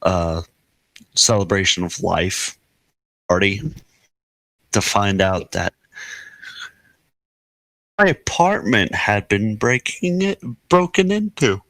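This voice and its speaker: Male game master, deep and unhurried, halting casual chatter. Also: fairly bright tone, dry recording. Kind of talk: casual chat between game sessions.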